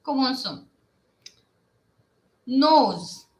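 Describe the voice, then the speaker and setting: A woman teaching a live online lesson, drilling words with slow repetition and frequent checks of "Ok?". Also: sits high, animated, darkish tone, roomy sound. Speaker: French teacher.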